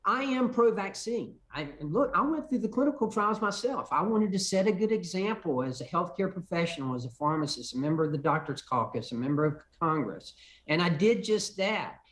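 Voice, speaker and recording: Emphatic older congressman, fairly high voice. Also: lively intonation, a little fast, fairly bright tone. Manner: emphatic, repeats words when starting sentences. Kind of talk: call-in TV interview answers.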